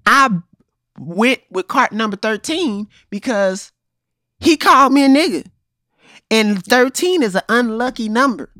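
A woman playing an improvised comedy scene, telling a story in a playful, deadpan way. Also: fairly high pitch, no room sound, studio quality. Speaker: improv player.

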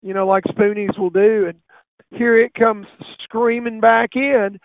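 A high-pitched man hosting a casual talk show spins an animated hunting story. His voice comes through a tinny phone line, with no room echo at all. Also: unhurried, gravelly. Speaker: radio show host.

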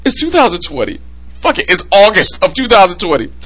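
A man hosting a casual podcast chat, excitable and prone to loud laughing outbursts. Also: high-pitched, a little fast. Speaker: podcast host.

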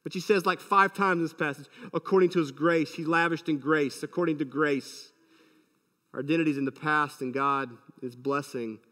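Male pastor mid-sermon, emphatic, high-pitched, with a long reverberant hall tail. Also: steady tone, moderate pace, sharp tone. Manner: emphatic, many rhetorical questions.

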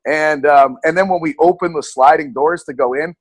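A young man speaks as a guest in a relaxed, casual way, leaning on "like" and "you know" between thoughts. His voice is a touch high. The sound is dry and close. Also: normal speed, no room sound. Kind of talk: casual interview chat.

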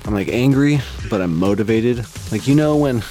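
A man's voice: mid-range voice, expressive, normal speed, warm tone, soft background music. A man with a West Coast American accent telling a story in casual chat, profane and rambling, laughing between lines.

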